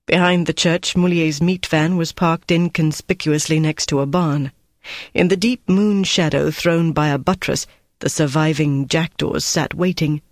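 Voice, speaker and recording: Audiobook narrator reading a war thriller, steady and even, dry booth sound. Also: mid-range voice, no room sound. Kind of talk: scripted narration.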